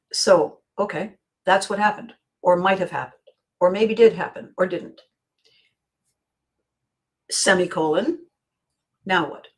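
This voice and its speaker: A woman hosting a podcast, musing aloud in a reflective self-help monologue, often circling back, repeating phrases and clearing her throat. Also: fairly low pitch. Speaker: podcast host.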